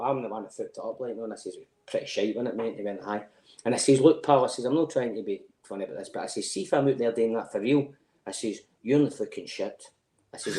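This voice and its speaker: A man's voice: mid-range voice, a little mellow, echoey room. A middle-aged Scottish man telling stories in casual chat, swearing freely and laughing through them. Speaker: podcast guest.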